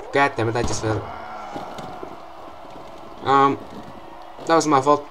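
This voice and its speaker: A young man giving excitable gameplay commentary, swearing often and breaking into loud outbursts and laughs. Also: medium pitch, moderate pace, long pauses, a little hiss or hum, poor audio.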